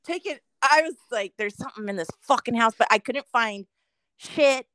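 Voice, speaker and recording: A middle-aged woman co-hosting a casual podcast, telling a story with constant swearing and lively animation. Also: on the high side, moderate pace, no room sound. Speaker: podcast co-host.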